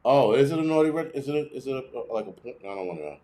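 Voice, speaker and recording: A man of average pitch hosts his prepping livestream in a loose, unscripted ramble. He answers viewer comments bluntly and swears freely, stumbling and restarting as he goes. His voice swings upward whenever a rant builds. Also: fast, a little hiss or hum. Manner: animated, jumping between high and low pitch when ranting. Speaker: host of a prepping channel. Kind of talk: casual livestream chat, reacting to viewer comments.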